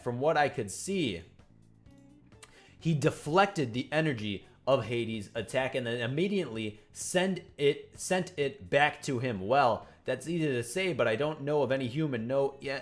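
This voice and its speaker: A man hosting a casual reaction show, reading aloud and commenting in an excitable, profane way, with faint music behind him. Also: mid-range voice. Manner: excitable and profane, laughs along. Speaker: manga reaction host.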